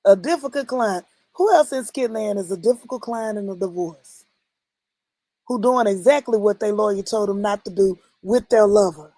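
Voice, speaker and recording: A woman hosting a casual livestream, reacting to a skit and quizzing her viewers with lively exclamations. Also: medium pitch, moderate pace, no room sound. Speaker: livestream host reacting to skits. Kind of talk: casual reaction stream chat.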